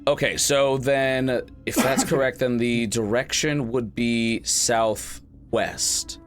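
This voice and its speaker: A man's voice: mid-range voice, fairly even intonation, takes it slowly, soft background music. A man who hosts the channel, playing in a tabletop game and chatting casually, rambling and breaking into laughter. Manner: rambling, laughing, stops and restarts. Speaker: player and channel host.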